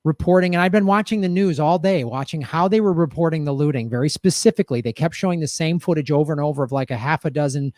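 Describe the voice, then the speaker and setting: A man chatting casually on a podcast, telling a story in an animated way and acting out what others said. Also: fairly high pitch, quick pace, few pauses, no echo.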